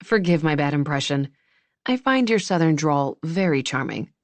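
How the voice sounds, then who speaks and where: An easygoing grown man, attentive and gently teasing, his lines kept calm and unhurried, as a woman reads him. The voice sits low and is heard dry and close, with no room around it. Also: no echo.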